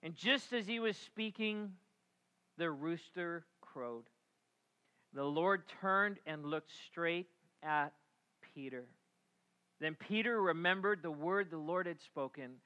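A middle-aged man preaching a sermon, telling a story with animated delivery and acting out the voices before dropping to a hushed, reflective tone. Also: on the high side, slow pace, clean tone. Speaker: pastor.

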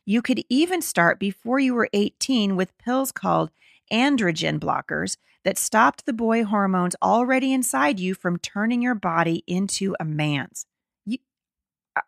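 A middle-aged podcast host with a gravelly, mid-range voice reads an article aloud and reacts to it indignantly and emphatically, often restarting her sentences. The studio sound is clean, with no room sound.

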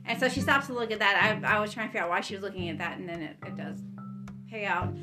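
A chatty woman at an average pitch walks through a movie's story in a loose, rambling way and often stops on an um. Soft guitar music plays under her voice. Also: fast talker. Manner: rambling, chatty, with frequent ums. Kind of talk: casual movie recap.

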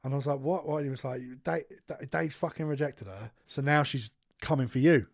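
A man's voice: medium pitch, brisk, creaky. A man co-hosting a podcast, telling a long, sweary personal story in casual chat. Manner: sweary, animated anecdote-telling. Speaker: podcast co-host.

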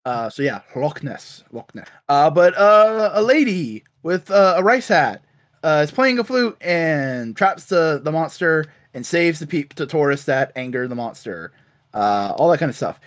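Animated man recapping comics. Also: a little high, unhurried. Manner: animated, acts out characters' lines with filler "uh". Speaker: comics podcast co-host. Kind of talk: casual recap of a comic issue.

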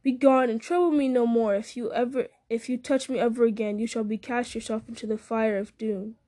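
A woman's voice: sits high, steady tone, measured pace, a little mellow. A woman doing Frodo, a stern, weary young hero. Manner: commanding, gasping. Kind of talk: storybook reading.

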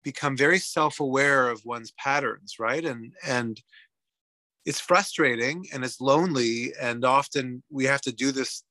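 A man from Canada, a psychotherapist guest, musing in an animated way and often checking in with "right?". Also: medium pitch, unhurried, no room sound. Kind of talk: reflective conversational interview.

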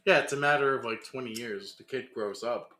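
A man's voice: medium pitch, a little fast, sharp tone, reverberant. A tipsy man co-hosting a movie review podcast, teasing his partner in casual chat. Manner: teasing, joking. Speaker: podcast co-host.

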